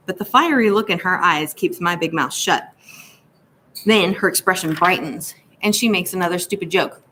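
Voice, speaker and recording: A woman narrates a novel in a steady, even storytelling manner. Her voice sits on the lower side for a woman, with a faint hiss behind it. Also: normal speed. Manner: steady storytelling in a first-person boy's voice. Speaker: audiobook narrator. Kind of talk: scripted narration.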